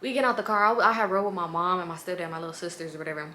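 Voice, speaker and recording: A woman in her twenties, vlogging a casual storytime in a blunt, profane, animated way, full of "like" and asides. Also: on the low side, very fast, slight background noise.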